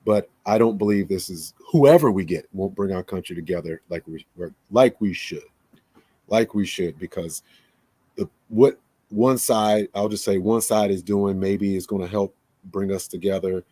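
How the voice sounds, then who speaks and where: A man's voice: low voice, moderate pace, mellow, slightly rough, no echo. A man hosting a casual monologue, rambling and often correcting himself mid-sentence. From United States. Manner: rambling, self-correcting, conversational. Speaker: podcast host.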